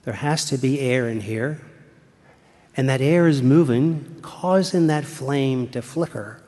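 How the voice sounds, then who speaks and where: An older man, a retired priest, preaching a sermon in a church, telling the story slowly and dropping to a hushed whisper at times. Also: medium pitch. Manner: slow, deliberate storytelling with dramatic hushed whispers. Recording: long church reverb.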